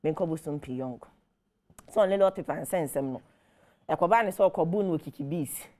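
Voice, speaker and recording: A woman's voice: low voice, moderate pace, warm tone. A woman with a Ghanaian accent hosting entertainment news, delivering emphatic, scolding commentary that mixes Twi and English. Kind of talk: animated commentary.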